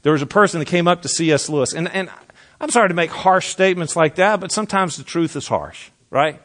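Man, pastor, emphatic sermon, slightly high-pitched. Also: animated, brisk, a bit bright. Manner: emphatic preaching, drops low for emphasis, repeats words when restarting.

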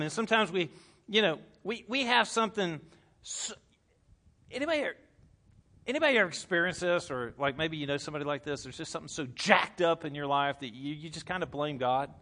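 Bright-voiced man preaching a sermon. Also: fairly high pitch. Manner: conversational preaching with stammered repeats and laughter. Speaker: pastor. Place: room with a congregation.

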